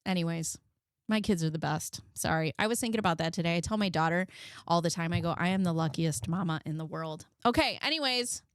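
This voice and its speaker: Woman, 30s, livestream commentary host. Blunt, chatty, profane. Smooth voice, dry close mic. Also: on the low side, a little fast, no echo. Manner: chatty, blunt, swears, thanks viewers.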